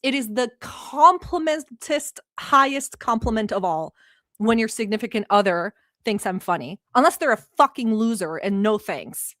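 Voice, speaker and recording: A giddy woman from the Middle East hosts a casual livestream, and English is not her first language. She sits close to the mic in a dry, deadened space, her voice pitched fairly high. She is playful and crude, swearing as she reads chat comments aloud. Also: animated, normal speed, fairly bright tone, no room sound. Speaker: livestream host.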